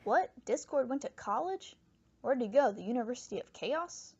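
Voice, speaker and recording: A woman's voice: a little high, animated, normal speed, a little mellow, husky. A woman hosting a comedic cartoon review, making wry, sarcastic asides. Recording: dull lo-fi mic with faint hiss.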